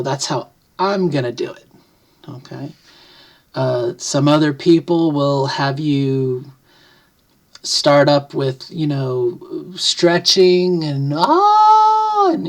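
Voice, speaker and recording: Speaking slowly in a low voice with fairly even intonation, a middle-aged woman vlogs from her home near the kitchen. She explains things casually to the camera, rambling, thinking aloud, and often correcting herself mid-sentence.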